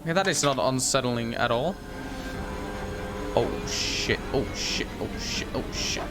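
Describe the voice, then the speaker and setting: A man's voice: mid-range voice, expressive, measured pace, loud music behind the voice. A man playing a game and commenting, laughing and swearing a lot. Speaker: gamer. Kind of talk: let's-play commentary.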